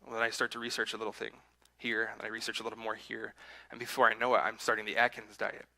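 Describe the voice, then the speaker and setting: A man's voice: lowish voice, monotone, fast, creaky, bright, forceful tone, poor audio. A man preaching a sermon in a church, telling a personal story in a conversational, self-deprecating way and acting out his own inner voice. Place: church sanctuary.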